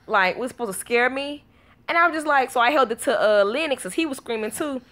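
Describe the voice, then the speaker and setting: Young woman, family vlogger; bright higher voice, very animated delivery. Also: a little fast. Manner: animated, laughing often, acts out her kids' voices. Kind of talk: casual storytelling to viewers.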